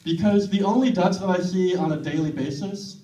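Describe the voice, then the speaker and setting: A man performing a stand-up comedy set with a deadpan, self-deprecating delivery, in a comedy club with a laughing audience. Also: high voice, brisk, recorded from a distance. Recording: roomy club, mic heard from afar, audience laughing.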